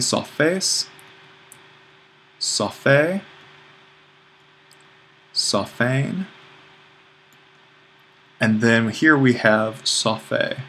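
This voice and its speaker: A man who is a teacher, giving a casual lecture with worked examples in a relaxed, self-deprecating way, thinking aloud as he goes. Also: on the low side, a little hiss or hum.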